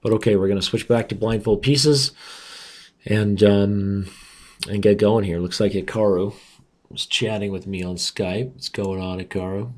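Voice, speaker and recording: Raspy guy talking thru his chess games, low voice, joking at himself. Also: steady tone, unhurried. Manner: chatty, self-mocking, talks through moves aloud. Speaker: chess streamer. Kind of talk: casual commentary while playing online.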